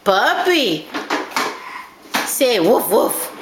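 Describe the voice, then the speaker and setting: A woman speaks to her toddler in drawn-out, sing-song baby talk, coaxing and gently scolding. Her voice sits high and swoops up and down. The home camcorder picks it up in a boomy kitchen with steady noise underneath. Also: roomy sound. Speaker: mother talking to her toddler.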